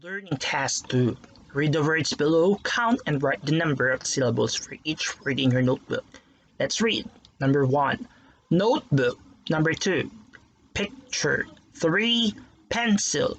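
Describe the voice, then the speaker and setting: Slow, careful teacher with a gravelly voice. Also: mid-range voice, expressive, a bit bright, slight background noise, poor audio. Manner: slow, careful, sounding out words syllable by syllable. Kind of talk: recorded online lesson for young pupils.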